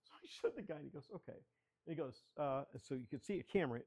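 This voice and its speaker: A man's voice: fairly high pitch, lively intonation, very fast, a little mellow. An older man, a photographer, telling stories as he takes a club through a slideshow of his work and calls for each next slide. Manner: chatty storyteller, asking for the next slide. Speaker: guest speaker, photographer. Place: children's library area.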